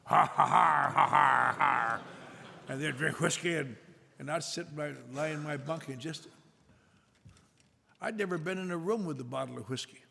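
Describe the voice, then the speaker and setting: An older man telling a self-mocking story to an audience at a recovery meeting, with a wry, drawn-out delivery. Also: fairly high pitch, gravelly, fairly bright tone, slightly rough. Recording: echoey hall with faint noise.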